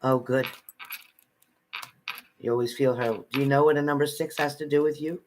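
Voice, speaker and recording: A man's voice: medium pitch, fairly even intonation, normal speed, noisy background. A man giving live psychic readings to viewers from home in a chatty manner, repeating phrases and calling people by name. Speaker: psychic reader.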